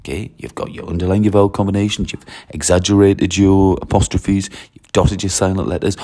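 Male language teacher, low husky tone, repeated instructions and tag questions. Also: brisk, dark tone. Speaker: French teacher. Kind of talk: classroom-style teaching walkthrough.

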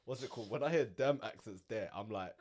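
Fast-talking young London man. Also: lowish voice. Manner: animated storytelling, slangy. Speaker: friend in group chat. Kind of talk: casual banter.

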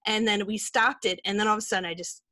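A woman's voice: mid-range voice, fairly even intonation, fast talker, sharp tone, no room sound. A woman co-hosting a podcast, talking in a candid, rambling way with many fillers. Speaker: podcast co-host. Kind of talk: casual chat.

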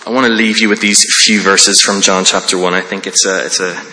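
Pastor, male, lowish and very bright voice, earnest conversational sermon, long hall reverb. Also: little pitch movement, brisk, a little hiss or hum. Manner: earnest, conversational preaching with restarts.

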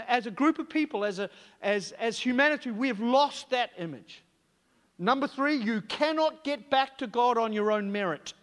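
A man's voice: very high voice, fairly bright tone. A man preaching a sermon, emphatic and direct, with rhetorical questions to the congregation. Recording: long hall reverb.

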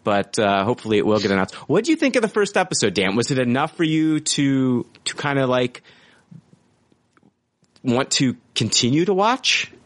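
Co-hosting a podcast, this man keeps up an enthusiastic, casual review chat full of restarts and filler words. He speaks at a medium pitch and moderate pace, in a sing-song way.

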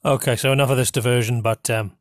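A man with a North East English accent hosting a podcast, rambling with many pauses and restarts. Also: medium pitch, steady tone, dry recording, clean studio sound. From North East England. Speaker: podcast host. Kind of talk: casual monologue with a dialect reading.

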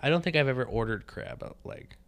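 A man's voice: mid-range voice, quick pace, fairly bright tone. A man hosting a casual podcast chat who asks his guest lots of curious questions. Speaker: podcast host.

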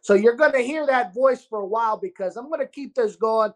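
A man with a New York accent hosting a casual podcast, talking in an animated, gruff way and calling people dude and brother. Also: extremely high pitch, a little fast. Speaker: podcast host and restaurant owner.

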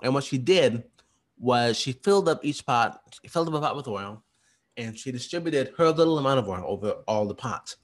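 A man walking through study questions in a fast, rambling, casual way, with lots of restarts. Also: medium pitch, animated. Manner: chatty, retells stories in slangy voices. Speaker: teacher. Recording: voice message.

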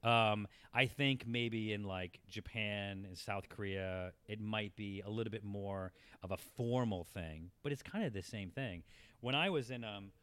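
A man of about forty tells a long anecdote in casual conversation, rambling, laughing and growing animated as the story builds. His lowish voice is smooth and unhurried, with no echo.

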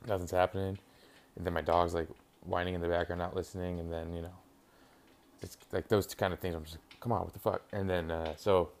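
A young man with a low voice, flat delivery, and fairly quick pace chats on his own as a podcast host. His casual talk wanders, full of swearing, as he responds to a football game on TV.

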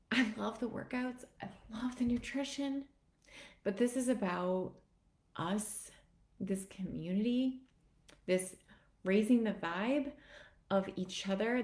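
Woman, 30s, fitness coach; mid-pitched, earnest and emotional, roomy echo. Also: a little mellow. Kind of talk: motivational live video talk. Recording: echoey room.

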